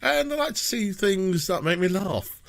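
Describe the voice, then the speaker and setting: A man's voice: high voice, lively intonation, moderate pace, creaky. A man hosting a casual reaction video, chatty, rambling and playful. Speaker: reaction channel host.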